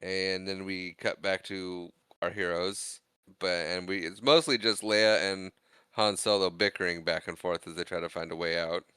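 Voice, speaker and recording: A man's voice: sits low, normal speed, clear, resonant tone, no echo. A man co-hosting a podcast, recapping a film in casual chat and acting out lines in funny voices. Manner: animated, acts out quotes in funny voices. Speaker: podcast co-host.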